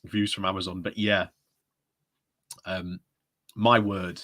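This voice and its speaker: A man's voice: deep voice, level tone, takes it slowly, fairly bright tone. Giggly man hosting a live stream. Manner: giggly, chatty, often laughing mid-sentence. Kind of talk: casual live stream commentary.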